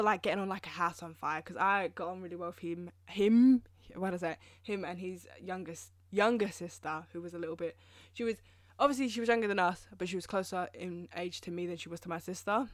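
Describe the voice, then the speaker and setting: A woman's voice: fairly low pitch, no echo, clean studio sound. A young woman from England, telling rambling, self-mocking stories in a casual solo podcast, full of fillers. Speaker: podcast host. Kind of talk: casual monologue.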